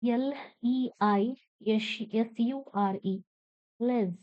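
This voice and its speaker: A woman from India teaches English pronunciation, spelling each word out letter by letter and then carefully repeating it in her Indian English accent. Her voice is on the high side, slow and clean-toned. The recording is dry, lo-fi and slightly dull.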